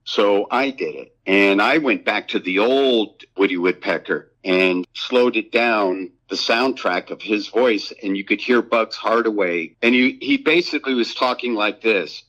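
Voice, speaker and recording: Lively older-sounding animator telling stories, lo-fi. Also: male voice, lowish voice. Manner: animated storyteller, quick restarts and repeats. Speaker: animator guest. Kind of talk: casual interview chat. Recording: dull lo-fi sound.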